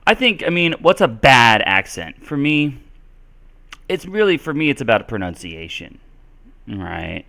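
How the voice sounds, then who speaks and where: A man's voice: medium pitch, sing-song, measured pace, vocal fry, bright, forceful tone. A man hosting a casual live-stream English Q&A lesson, chatty, with many fillers. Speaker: English teacher and stream host.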